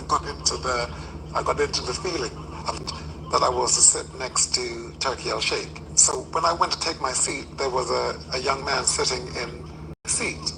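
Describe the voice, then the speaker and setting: A man's voice: mid-range voice, normal speed, vocal fry. A man, a boxer's father, telling an anecdote and acting out the quotes. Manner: animated storyteller, acts out quotes. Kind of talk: casual anecdote. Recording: noisy background.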